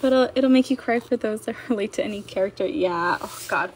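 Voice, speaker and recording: A woman's voice: medium pitch, fairly quick, breathy edge. A young woman chatting casually on a livestream as she fills orders, bubbly and chatty, reading viewer comments aloud. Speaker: livestream seller.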